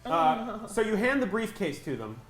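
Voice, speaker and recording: A man's voice: high voice, sing-song, normal speed, roomy sound, over music. A man running a tabletop game as game master, playful and chatty, laughing often.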